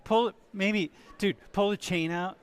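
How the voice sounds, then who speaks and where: Casting: male lecturer from Ohio, slightly high voice, teasing classroom banter, talks to students in a big hall. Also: steady tone. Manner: chatty, teasing, quick restarts. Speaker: university lecturer.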